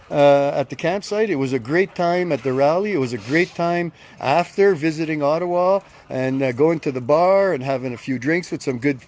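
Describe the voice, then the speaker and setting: A man in his fifties, angry, giving a blunt and emphatic rant to his followers and repeating his key points. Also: fairly high pitch. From Canada. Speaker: group leader addressing followers. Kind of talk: self-recorded social media rant.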